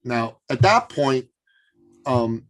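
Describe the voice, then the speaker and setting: Animated man telling a story, many fillers. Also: medium pitch, very slow. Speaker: interview guest. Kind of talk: casual storytelling in an interview.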